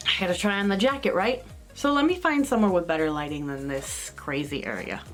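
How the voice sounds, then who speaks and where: A woman's voice: on the low side, expressive, brisk. A young woman talking casually in a vlog, rambling with lots of fillers and a bit out of breath. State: out of breath on a treadmill. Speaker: vlogger. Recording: music playing behind.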